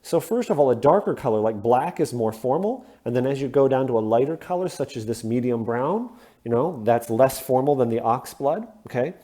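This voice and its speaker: Midwest guy explaining stuff step by step, mellow easygoing voice, keeps saying okay. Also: mid-range voice, expressive, brisk. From Midwestern United States. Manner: plain-spoken, explains step by step with frequent "okay?" check-ins. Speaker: shoe hobbyist host. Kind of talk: casual instructional explanation.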